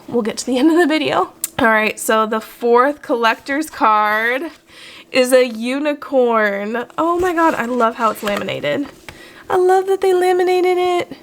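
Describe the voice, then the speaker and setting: Gushing woman with a higher voice. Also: a bit bright, a little hiss or hum. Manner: gushing, enthusiastic, many fillers. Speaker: nail artist unboxing products. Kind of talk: casual unboxing chat.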